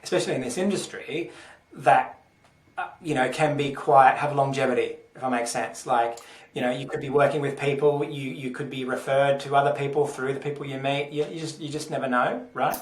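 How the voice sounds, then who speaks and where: A man's voice: medium pitch, steady tone, brisk. An Australian man, an actor guest on a podcast, speaking earnestly and thoughtfully with lots of fillers. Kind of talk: casual interview chat. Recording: echoey and distant from the mic.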